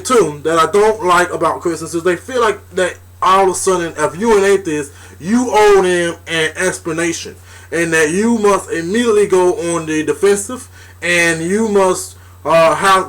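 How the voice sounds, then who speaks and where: Young male vlogger, slightly high voice, blunt and indignant, swears often. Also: normal speed, a bit bright. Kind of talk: casual vlog rant.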